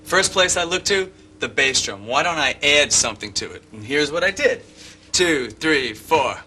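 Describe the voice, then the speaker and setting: An older man teaching drum parts step by step, explaining calmly and humming bass lines as he goes. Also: normal speed, over music. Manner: methodical, hums bass lines as syllables. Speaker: drum instructor. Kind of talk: instructional explanation with count-ins.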